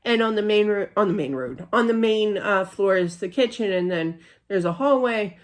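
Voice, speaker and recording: A woman's voice: mid-range voice, expressive, normal speed. A middle-aged woman giving a casual spiritual reading, chatty and rambling, full of fillers and restarts. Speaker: psychic reader.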